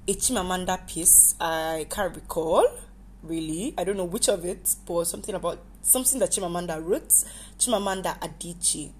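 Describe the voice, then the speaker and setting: Woman, podcast host, casual solo chat, goofy and rambling, mid-pitched voice. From Nigeria. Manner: goofy, rambling, self-correcting. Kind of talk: casual personal monologue.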